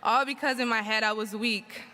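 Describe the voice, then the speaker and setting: A woman's voice: a little high, fairly even intonation, normal speed, sharp tone. A young woman, a graduating student, giving an emotional graduation speech while holding back tears. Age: young adult. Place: large graduation hall. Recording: long hall reverb.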